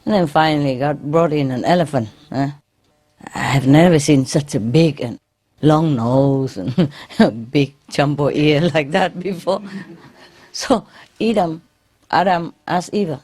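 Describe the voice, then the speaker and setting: A woman's voice: sits low, unhurried, darkish tone. A woman who is a spiritual teacher, telling jokes to a live audience in non-native English. She laughs often at her own jokes and checks in with her listeners with tags like "no?" and "eh?". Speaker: spiritual teacher addressing a gathering. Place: gathering hall.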